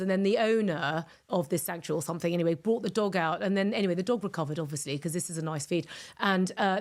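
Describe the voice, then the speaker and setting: A middle-aged woman hosting a podcast, chatting effusively with rambling asides. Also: mid-range voice. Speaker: podcast host. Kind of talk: casual podcast monologue.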